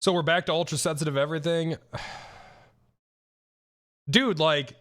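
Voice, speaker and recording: A man's voice: on the high side, slow pace. A young man streaming casual reaction commentary, ranting and swearing with many restarts. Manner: animated, profane, ranting with frequent restarts.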